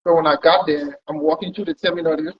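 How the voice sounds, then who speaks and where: A man's voice: on the high side, steady tone, quick pace, a little hiss or hum. A man talking as a pilot guest, recounting his long trip in a casual, rambling way and often repeating words. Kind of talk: conversational storytelling. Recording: dull lo-fi recording.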